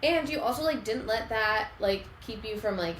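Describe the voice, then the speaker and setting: A woman's voice: on the high side, lively intonation, normal speed, a bit bright. A woman co-hosting a podcast, chatting supportively and adding details to her partner's story. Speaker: podcast co-host. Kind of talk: casual podcast conversation. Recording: echoey room, faint ambient noise.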